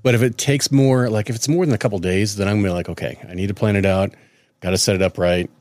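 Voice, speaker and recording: A man in his thirties, co-hosting a podcast in casual chat, telling animated stories and acting out quotes. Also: fairly low pitch, quick pace, no echo. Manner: animated storyteller, acts out quotes. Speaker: podcast co-host.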